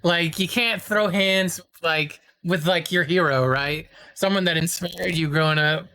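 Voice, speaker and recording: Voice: medium pitch, measured pace. A podcast co-host chatting casually and enthusiastically about a comic series, with some swearing. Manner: enthusiastic, profane, relaxed.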